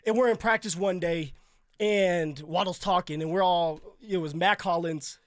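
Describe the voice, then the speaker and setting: A man who co-hosts a sports radio show, a former pro football player telling animated stories in casual talk. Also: sits high, moderate pace, dry recording. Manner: animated, laughing storyteller. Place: radio studio.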